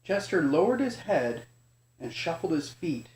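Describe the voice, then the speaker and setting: A father gently reading a bedtime story to his young son, speaking informally and stumbling and correcting himself now and then. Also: a little high, big pitch swings, a little slow. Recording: echoey room.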